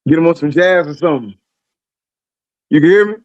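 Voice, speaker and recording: A man's voice: on the high side, a little fast, no room sound, highs cut off. A man co-hosting a casual live stream, laid-back and full of slang, laughing often.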